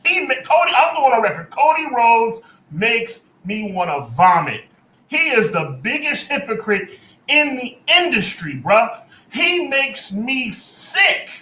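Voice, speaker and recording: A man with a very high, bright voice rants on a podcast, whipping up mock outrage and hammering the same lines again and again. His voice swings widely up and down. It rings out in an echoey room. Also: sing-song, measured pace. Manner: exaggerated mock outrage, repeating lines, shouting. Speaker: podcast co-host. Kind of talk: heated wrestling podcast rant.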